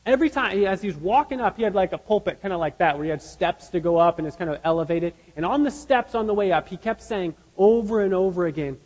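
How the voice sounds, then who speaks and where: A man's voice: high-pitched, lively intonation, fast talker, hardly any pauses, darkish tone, big-room sound, rough recording. A man preaching a sermon as pastor, earnest and emphatic, asking his listeners rhetorical questions.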